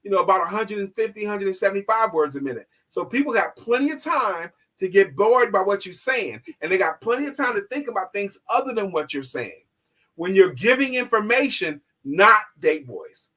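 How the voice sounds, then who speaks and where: A man appears as a guest on a live online show to coach sales, teaching instructively and emphatically, sometimes dropping his voice slow and low to demonstrate. He sounds very animated, pushed, and bright, and the recording quality is low.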